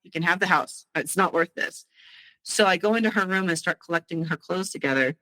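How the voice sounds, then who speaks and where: A woman telling her own story of a frightening night at home, halting and emotional, with frequent restarts. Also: fairly low pitch, pushed and bright, low-quality recording. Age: adult. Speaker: guest sharing her story. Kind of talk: personal storytelling.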